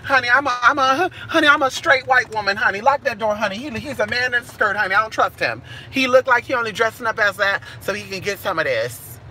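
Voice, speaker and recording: Brash woman reader, bright voice, street-smart and profane, with faint noise behind. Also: fairly high pitch, expressive, quick pace, few pauses. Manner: sassy, profane, calls listeners honey and girl. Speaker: spiritual reader. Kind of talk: casual live-stream chat with viewers.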